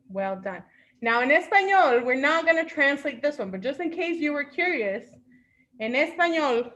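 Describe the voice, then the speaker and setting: A high-pitched woman from Mexico runs a children's storytime online. She talks in an upbeat, patient way, like a teacher gently coaxing young kids, and slips Spanish words in among the English. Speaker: children's librarian.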